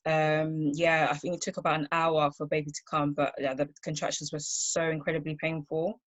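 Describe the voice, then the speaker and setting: A woman on a video call telling her personal story in a soft, halting way, with many fillers and restarts. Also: low voice, little pitch movement, dry recording. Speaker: workshop speaker sharing her story.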